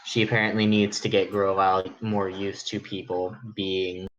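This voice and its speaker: A man's voice: sits low, level tone, moderate pace, fairly bright tone, lo-fi sound. A man playing a tabletop game, casual, arguing his character's abilities. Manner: apologetic, arguing rules. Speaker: player.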